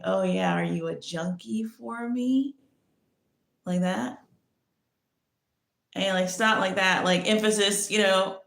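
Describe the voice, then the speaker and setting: A woman hosting a podcast, telling a personal story in a rambling way, with many restarts. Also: mid-range voice. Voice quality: creaky. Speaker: podcast host. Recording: echoey room.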